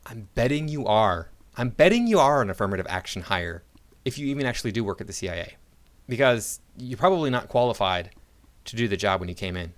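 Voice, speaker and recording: American man, reaction commentator, sarcastic and argumentative, halting delivery, mid-pitched. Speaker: online commentator.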